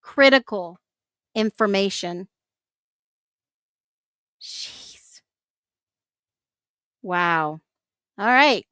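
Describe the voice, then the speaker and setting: A woman's voice: mid-range voice, expressive, drawn-out words, long pauses, fairly bright tone, clean tone, dry recording, clean studio sound. A woman hosting a talk show, thinking aloud in casual commentary and reacting with incredulous exclamations. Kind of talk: casual commentary on case documents.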